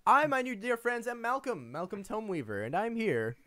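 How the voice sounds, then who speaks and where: A man's voice: high-pitched, lively intonation, a little fast, fairly bright tone, pitched above the performer's own voice. A man voicing a short, elegant male elven wizard who introduces himself with theatrical self-importance. He is played in a tabletop game. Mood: grandiose.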